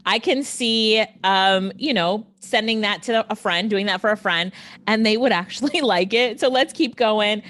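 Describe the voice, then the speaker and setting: A woman's voice: mid-range voice, moderate pace, fairly bright tone, no echo. A woman hosting a casual online training, reacting with laughter and enthusiasm. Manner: enthusiastic, laughs often, asks the viewer questions.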